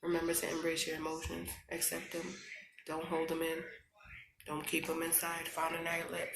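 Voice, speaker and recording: A woman's voice: fairly low pitch, fairly even intonation, moderate pace, gravelly, bright, forceful tone, echoey room, a little hiss or hum, low-quality recording. A woman vlogger giving casual, earnest motivational talk to her viewers, chatty and faith-driven, full of you-knows and y'alls.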